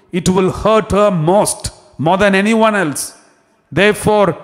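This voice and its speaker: A man, a priest, telling a story in a sermon, repeating phrases and restarting as he goes. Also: high voice. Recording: long hall reverb.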